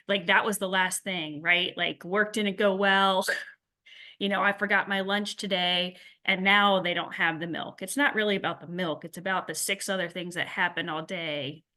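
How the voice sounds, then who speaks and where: A woman's voice: mid-range voice, sharp tone. A middle-aged woman from a school speaking conversationally to parents at a workshop, with many fillers and restarts. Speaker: school staff member.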